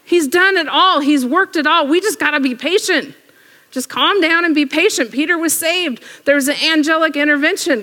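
A woman preaching a sermon, retelling a story with lively acted-out prayers and quotes. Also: high-pitched. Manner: animated storytelling, acts out prayers. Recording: echoey hall.

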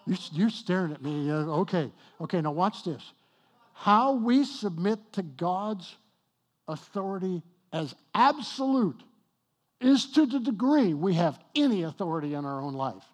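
Male pastor, high-pitched, emphatic sermon delivery with light banter to the congregation. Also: big pitch swings. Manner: emphatic, slows and rises on key points, jokes with the congregation. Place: church with congregation.

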